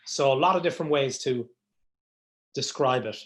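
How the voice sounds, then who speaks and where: A man's voice: mid-range voice, normal speed, fairly bright tone, low-quality recording. A man from County Mayo with an Irish Mayo accent, hosting a whiskey tasting in a pub and chatting to the group with loose storytelling asides. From Ireland (County Mayo). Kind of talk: casual hosted tasting talk. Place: pub, live tasting event.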